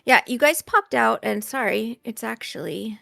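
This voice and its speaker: A woman running a tabletop game on stream as game master, chatty and quick to laugh. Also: fairly high pitch, animated, gravelly, pushed and bright, no room sound, clean studio sound, faint music behind.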